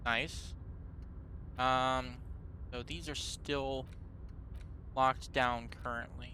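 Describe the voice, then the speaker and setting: Bright-voiced man streaming a game. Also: mid-range voice, level tone, very slow, slight background noise. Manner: chatty, amused, reads game text aloud. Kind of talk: casual let's-play commentary.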